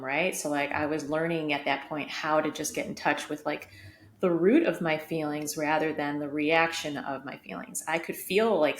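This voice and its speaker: A woman co-hosting a podcast, telling a personal story in an open, reflective way with lots of casual fillers. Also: low-pitched. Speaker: podcast co-host. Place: home room, vacuum running outside the door. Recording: echoey room, faint background noise.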